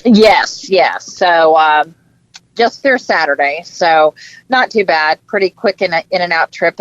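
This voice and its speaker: A woman's voice: deep voice, dry recording, highs cut off. A woman from Florida, an author, chatting casually and enthusiastically with many "um"s as a podcast guest. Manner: enthusiastic, hesitant fillers. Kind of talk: casual interview chat.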